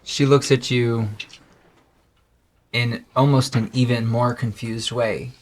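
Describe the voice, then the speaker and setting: Game master, easygoing man, mid pitch, relaxed and affirming. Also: slow. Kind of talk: running a tabletop game.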